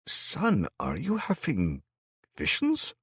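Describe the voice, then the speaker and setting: A man voicing a kindly older sword trainer who talks in a warm, fatherly way, calling the hero lad and son, in an audiobook. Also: mid-range voice, wildly swooping pitch, slow pace, slightly rough, dry recording, clean studio sound, voice pushed up, heavily acted. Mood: alarmed. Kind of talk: audiobook character voice.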